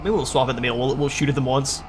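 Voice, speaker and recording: Over a noisy background, a gaming channel host casually commentates his own strategy game session, thinking aloud with frequent fillers and restarts. His medium-pitched voice holds a steady tone while he races along.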